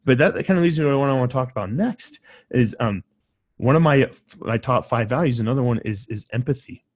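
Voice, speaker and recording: A man's voice: mid-range voice, lively intonation, fairly quick. A man with a mid-range voice talks bluntly in casual conversation. His voice sounds close and dry, with no room echo.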